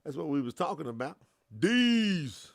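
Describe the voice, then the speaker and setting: A man in his thirties from the US South with a Southern accent, hosting a livestream and chatting with his viewers in an animated way. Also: a little high, measured pace, gravelly. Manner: animated, laughing, talks to the chat. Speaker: life coach, livestream host. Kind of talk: casual livestream chat.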